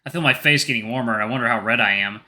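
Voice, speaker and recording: A man's voice: mid-range voice, racing, pushed and bright. A man narrating a visual novel in the first person, reading plainly with small slips and restarts.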